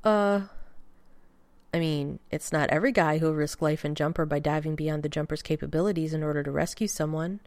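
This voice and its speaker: A woman voicing a flustered, anxious, sarcastic man in a fan fiction reading, her voice pushed up high into agitated protests. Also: steady tone, brisk, a little mellow, dry recording. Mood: startled.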